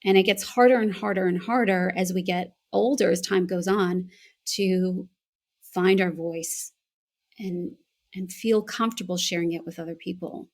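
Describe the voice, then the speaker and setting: This American woman, a voice and accent coach, has a fairly low voice with fairly even intonation and talks at a moderate pace. As an interview guest, she shares a reflective story in a conversational answer.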